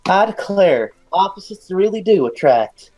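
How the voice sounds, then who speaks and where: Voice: mid-range voice, sing-song, a little slow, darkish tone, pitched above the performer's own voice, rough recording. A player doing a genteel half-elf lady in a tabletop game, courteous and a little old-fashioned. Faint music plays under her lines. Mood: wry.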